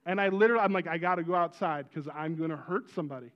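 Racing through his sermon, a middle-aged pastor with a slightly high voice shares personal anecdotes with animated energy and sudden loud exclamations. The recording is muffled.

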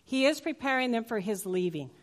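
A woman's voice: fairly high pitch, expressive, a little fast. A woman pastor preaching a sermon in a church, emphatic and playful, turning to the congregation with asides. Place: church sanctuary.

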